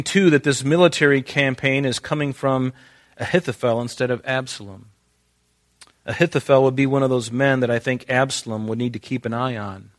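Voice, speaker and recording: A man preaching a sermon as pastor, rising to loud emphatic lines and dropping to quiet, intimate asides, sometimes acting out quoted dialogue. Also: medium pitch. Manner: acts out biblical speakers in quoted dialogue.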